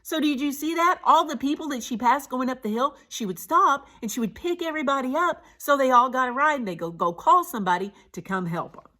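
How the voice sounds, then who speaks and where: Bright, animated woman reading to kids. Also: high voice, fairly quick, hardly any pauses. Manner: expressive, animated storytelling. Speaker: storybook reader. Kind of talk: children's picture book read-aloud.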